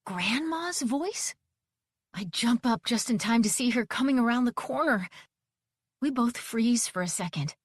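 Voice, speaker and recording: A woman narrating a first-person audiobook, expressive and giving each character a voice. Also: on the high side, moderate pace, no room sound, studio quality.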